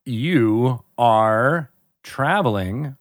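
A man hosting a podcast and narrating a tabletop game as game master, relaxed with plenty of filler words. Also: mid-range voice, extremely slow, slight background noise. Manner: relaxed, chuckling, filler-heavy.

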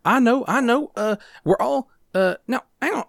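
A man's voice: very high-pitched, normal speed, vocal fry, dry recording, clean studio sound, voice pushed up. A man voicing a panicky, fretting ally in a tabletop game, anxious and stammering. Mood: fussy.

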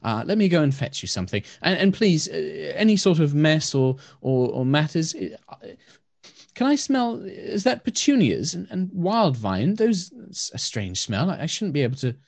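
Man doing a high, soft-voiced blind elf priestess for a tabletop game; gentle and hesitant. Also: big pitch swings, moderate pace, vocal fry, no room sound, heavily acted.

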